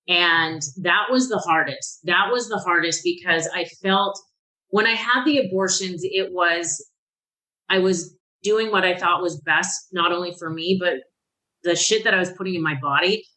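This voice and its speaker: This is a woman in her fifties with a bright, forceful voice, a guest on a podcast. She tells her own life story candidly and with emotion. She often breaks off and restarts her sentences. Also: fairly low pitch, moderate pace, rough recording. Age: 50s. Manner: emotional, animated when reliving moments, frequent restarts.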